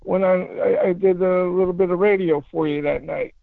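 A man telling a paranormal story in a casual phone interview, rambling and halting with many restarts. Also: high-pitched, steady tone, no echo. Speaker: paranormal investigator guest. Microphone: phone call. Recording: tinny phone line, fry.

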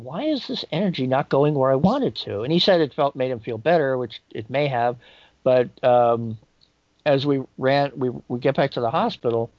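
A man telling a personal story in a halting, reflective way, jumping up in pitch when he quotes people. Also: darkish tone, dry recording. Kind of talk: personal anecdote. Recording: dull lo-fi dry recording.

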